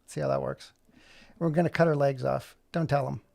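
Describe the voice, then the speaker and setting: Gravelly man chatting while he animates. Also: medium pitch, fairly even intonation, moderate pace, a little mellow, no echo. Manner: joking, rambling self-talk while working. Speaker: animator streaming live. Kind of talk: casual livestream chat.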